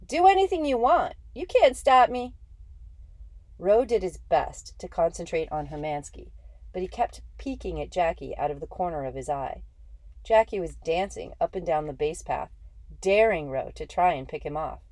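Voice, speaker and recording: A woman reading a first-person story aloud in a steady, measured way. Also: low voice, no echo. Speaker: audiobook narrator.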